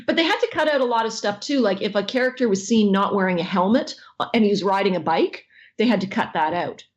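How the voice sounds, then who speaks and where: A middle-aged woman from Canada, a voice actress guest telling stories in an interview, lively and laughing often. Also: fast. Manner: lively, laughs often, acts out quotes in high silly voices. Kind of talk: animated interview storytelling.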